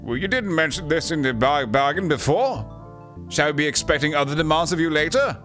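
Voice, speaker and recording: A man's voice: fairly high pitch, lively intonation, a little fast, fairly bright tone, soft background music, pitched above the performer's own voice. Man reading as a cocky young rogue, slightly raised voice, blunt and questioning. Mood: challenging. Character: wry young male rogue adventurer, bold and questioning.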